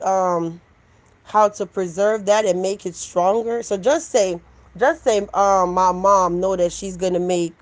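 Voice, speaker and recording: A woman's voice: fairly low pitch, low-quality recording. A woman, a live stream host from Jamaica, chatting casually with her viewers and answering their messages. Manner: animated, talks back to chat, switches into mocking voices.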